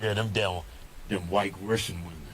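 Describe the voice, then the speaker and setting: Bright, brash man in banter. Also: low voice, steady tone, moderate pace. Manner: blunt, brash, cuts in. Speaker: co-host. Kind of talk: casual banter.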